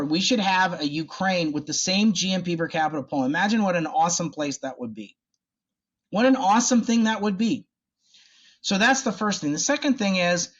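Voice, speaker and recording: A man's voice: a little high, fairly bright tone. Emphatic man on dull lo-fi audio. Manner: emphatic, conversational, acts out quoted voices. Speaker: think-tank guest. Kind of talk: animated policy interview.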